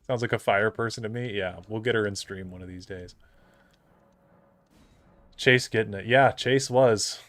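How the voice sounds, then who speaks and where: A young man chats casually on a live stream, telling a loose, meandering work story with frequent bursts of laughter. His voice sits at an ordinary middle pitch. The sound is close and dry, with no room around it. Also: no room sound. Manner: rambling, laughs often mid-sentence.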